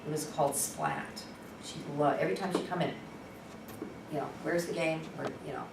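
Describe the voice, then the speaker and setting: A woman presenting at a workshop, telling a story in an animated, conversational, candid way. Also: deep voice, fairly quick, creaky. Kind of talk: storytelling teaching talk. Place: workshop room. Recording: echoey room from far off, noisy.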